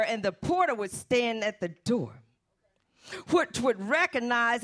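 Slow, lively woman preaching. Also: a little high. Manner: fervent, calls on the Holy Spirit mid-sermon. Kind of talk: sermon.

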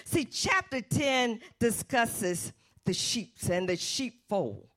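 A woman's voice: on the high side, sing-song, slow pace, fairly bright tone. A woman preaching a fervent sermon and calling on the Holy Spirit as she speaks.

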